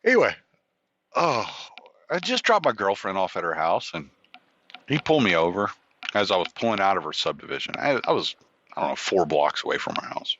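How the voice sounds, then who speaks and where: A man's voice: low-pitched, big pitch swings, brisk, fairly bright tone, breathy edge. A man hosting a podcast, telling a rambling, profane personal story full of restarts and quoted dialogue. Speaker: podcast host. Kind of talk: casual storytelling monologue. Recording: dull lo-fi dry recording.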